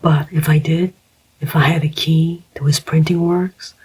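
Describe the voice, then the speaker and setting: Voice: mid-range voice, level tone, a little slow, a little mellow, slightly rough, low-quality recording. A narrator whispering the part of a firm, principled older man who is a father, as whispered role-play. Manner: firm, emphatic.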